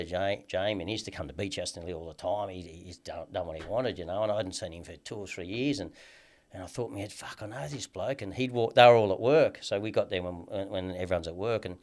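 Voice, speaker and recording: An Australian man in his thirties tells a long story in a rambling, sweary way, leaning on "you know what I mean" again and again. His voice sits low, and the words come fast. He sounds like a guest in a casual interview. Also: steady tone.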